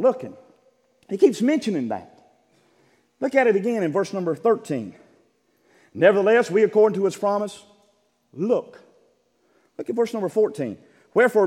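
A preacher with a high voice delivers his sermon in a reverberant church sanctuary. He reads verses in a measured way, then climbs into shouted, fervent exhortation. The long echo of the hall carries every line. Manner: builds from measured reading to shouted fervor. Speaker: Baptist preacher.

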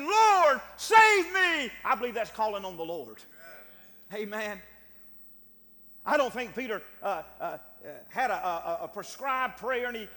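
A man preaching with a high, bright voice that swings widely in pitch. He talks with fervor, repeats words and restarts phrases, and pushes up into shouted cries. A long hall reverb trails after every phrase. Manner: impassioned, builds to shouted cries. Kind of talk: sermon.

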